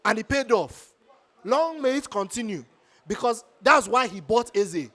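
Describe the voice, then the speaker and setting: A man reacting to a match as a football fan, emphatic and insistent. His voice sits very high for a man. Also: animated, unhurried, bright, forceful tone.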